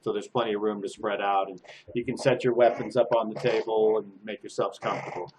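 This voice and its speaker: A man's voice: on the low side, flat delivery, brisk, a little mellow, slight background noise. A man narrating a tabletop game from home as game master, loose and rambling.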